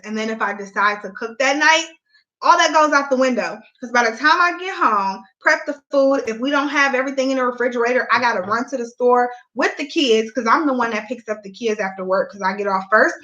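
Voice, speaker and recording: A woman's voice: fairly high pitch, pushed and bright, lo-fi sound. A young woman chatting candidly to her viewers at home, a mom vlogging in casual Southern-style speech. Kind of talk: casual chat.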